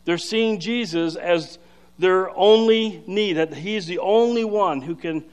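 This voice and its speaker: Man, high voice, pastor, emphatic sermon, fillers and restarts. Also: slow, smooth. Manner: energetic, emphatic, explanatory with frequent fillers.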